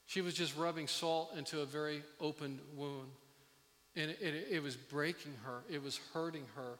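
Earnest pastor in an echoing hall. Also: male voice, a little high, fairly even intonation, a bit bright. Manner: earnest, halting with many restarts. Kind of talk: sermon. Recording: long reverb of a hall.

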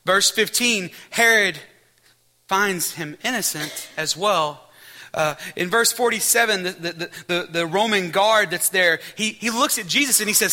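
A pastor preaching a sermon, reading scripture and leading a prayer, emphatic and repeating key phrases for weight. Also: male voice, sits high, animated, normal speed, pushed and bright, low-quality recording.

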